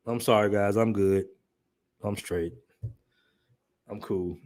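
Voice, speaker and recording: A man's voice: on the low side, steady tone, slow pace, very noisy. A man hosting a casual livestream, reading chat comments aloud and laughing through his commentary. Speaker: livestream host.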